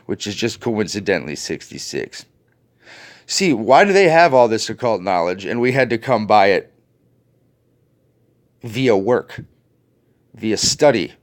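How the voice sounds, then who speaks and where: An angry man rants to his viewers, swearing and sneering with heavy sarcasm. He talks at an unhurried, drawn-out pace. His pitch swings widely from low mutters to sharp, high jabs. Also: lively intonation. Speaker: video host. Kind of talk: ranting commentary to viewers.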